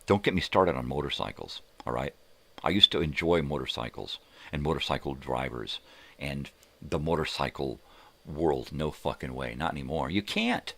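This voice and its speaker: Hosting his morning live show, this older man speaks with an extremely low, creaky voice at a moderate pace. His casual ranting monologue is full of heated stories studded with profanity.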